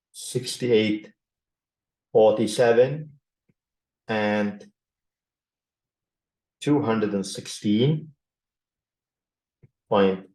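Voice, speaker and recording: A man with a Turkish accent giving a university statistics lecture, slowly reading out numbers and repeating himself. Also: on the low side, dark tone. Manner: slow, repetitive, reading out numbers. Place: classroom. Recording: echoey classroom.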